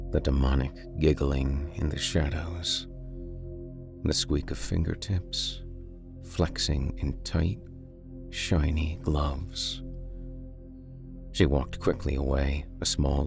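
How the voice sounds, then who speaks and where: A man reading a horror story aloud for a podcast in a slow, deliberate, dark way. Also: a bass voice, gravelly. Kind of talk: dramatic horror story narration.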